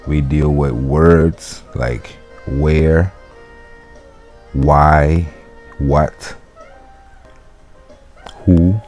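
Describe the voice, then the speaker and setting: A man's voice: a bass voice, mellow. A man teaching a casual language lesson, explaining loosely with fillers and restarts. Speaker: Latin teacher.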